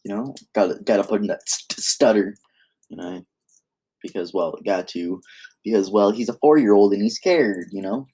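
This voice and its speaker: A man's voice: fairly low pitch, normal speed, warm tone. A young man casually improvising a fan story, rambling and often interrupting himself. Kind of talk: improvised fan-fiction narration.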